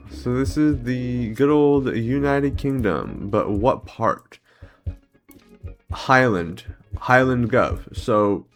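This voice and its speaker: A man's voice: medium pitch, a bit bright. A man hosting a guessing-game series, thinking aloud as he plays, hesitant, full of "um"s and self-corrections. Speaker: host playing geography and history guessing games. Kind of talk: casual commentary while playing.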